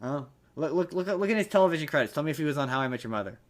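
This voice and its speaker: A man's voice: fairly high pitch, expressive, rapid-fire. A man hosting a casual podcast chat, chatty, teasing and rambling. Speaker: podcast host.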